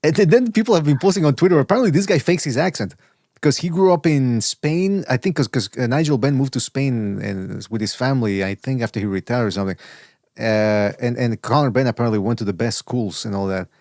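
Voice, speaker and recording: Man, podcast co-host, casual rambling talk with false starts; average pitch, dry recording. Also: a little fast, a little mellow, no room sound. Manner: rambling, stammers and restarts, mimics others' voices. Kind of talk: casual boxing podcast chat.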